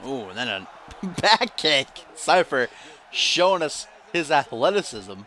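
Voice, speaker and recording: A man's voice: fairly high pitch, unhurried. Man joking through game commentary. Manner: joking banter with chat, lively commentary. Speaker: livestream commentator. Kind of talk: play-by-play commentary on a video game match.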